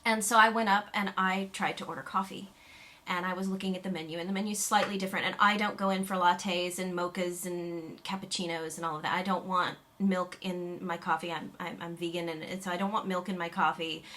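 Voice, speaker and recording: A woman's voice: fairly low pitch, little pitch movement, a little fast, sharp tone. An American woman vlogging to camera in casual chat, chatty and rambling with frequent fillers, restarts and little laughs. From United States. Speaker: YouTube vlogger.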